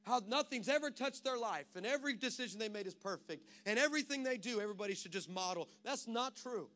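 A man's voice: very high voice, lively intonation, fast talker, bright, forceful tone. A pastor from Texas preaching a sermon, switching between self-mocking stories and a rising, emphatic preaching cadence.

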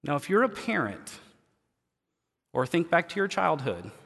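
A man preaching a sermon as pastor, folksy and colloquial, moving between quiet asides and loud emphatic lines. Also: fairly high pitch, big pitch swings, a little slow, gravelly. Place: church sanctuary. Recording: long hall reverb.

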